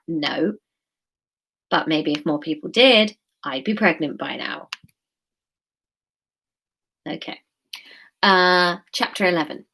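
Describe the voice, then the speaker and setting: A woman's voice: fairly low pitch, takes it slowly, long pauses, fairly bright tone. A woman, an author chatting casually to viewers and reading her own novel aloud, rambling and self-mocking with many fillers. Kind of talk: casual livestream chat and book reading.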